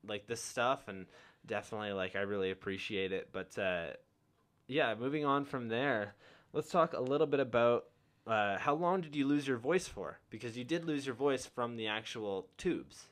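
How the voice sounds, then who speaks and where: A man's voice: mid-range voice, moderate pace, a bit bright. A young man hosting a podcast in casual chat, laid-back and encouraging, full of "like" and "um". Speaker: podcast host.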